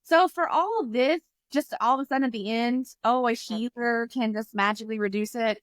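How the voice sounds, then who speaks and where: A woman co-host in a casual book podcast speaks in a fairly high voice. She retells scenes with animation and slips into quoting the characters. The sound is dry and close. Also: brisk, dry recording.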